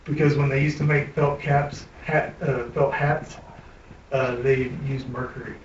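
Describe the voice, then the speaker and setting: A man's voice: mid-range voice, level tone, measured pace, lo-fi sound, a little hiss or hum. A middle-aged man teaching an EMS class, blunt and profane, quizzing students between stories. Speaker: EMS instructor. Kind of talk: classroom lecture with anecdotes. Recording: echoey room, distant mic.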